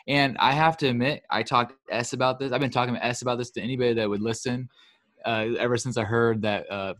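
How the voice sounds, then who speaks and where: A man co-hosting a podcast in casual chat, excitable and swearing freely. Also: medium pitch. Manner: excitable, swears freely, breaks into mocking impressions. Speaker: podcast co-host.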